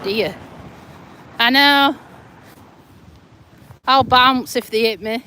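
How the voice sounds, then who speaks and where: A woman's voice: high-pitched, expressive, slow pace, pauses often, bright, forceful tone. Chatty English woman walking outdoors. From England. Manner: chatty, teasing, laughs often. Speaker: vlogger. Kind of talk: casual live-stream chat. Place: outdoors on a roadside footpath. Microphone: phone held in hand. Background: passing traffic.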